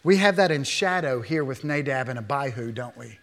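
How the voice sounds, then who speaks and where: A man preaching a sermon as a pastor, animated, with rhetorical questions to the congregation and quick asides acting out imagined speakers. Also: mid-range voice. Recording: long hall reverb.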